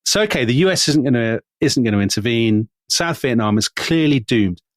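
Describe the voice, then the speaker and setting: A man co-hosting a podcast, telling history in a lively conversational way and dropping his voice to quote people. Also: normal speed, no room sound, studio quality. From Britain. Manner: animated, quotes figures in lowered voice. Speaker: podcast co-host.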